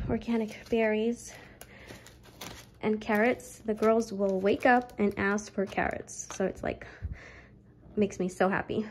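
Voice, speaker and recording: A young woman talks through her weekly groceries in a rambling, chatty way, a little breathless. Her voice sits fairly high and has a gravelly fry, with faint noise in the background. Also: a little mellow, low-quality recording. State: pregnant, slightly out of breath. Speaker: vlogger. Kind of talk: casual grocery haul chat.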